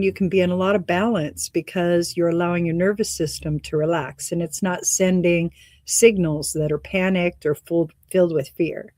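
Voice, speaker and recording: A woman hosts a spiritual meditation and energy reading talk, meandering and reflective, laughing frequently and sounding a bit out of breath. Her voice is lowish and dark, recorded in studio quality with no echo.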